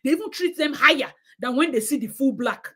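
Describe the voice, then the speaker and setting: A Nigerian woman with a high voice hosts a live stream. She talks straight to her viewers, giving pointed opinions with emphasis. She switches easily into Nigerian Pidgin. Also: animated, fairly quick, a bit bright.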